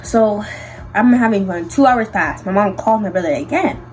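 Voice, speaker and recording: Animated young woman telling a storytime. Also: medium pitch, moderate pace, faint music behind, poor audio. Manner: animated, slangy storytelling with many fillers. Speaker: vlogger. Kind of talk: storytime vlog.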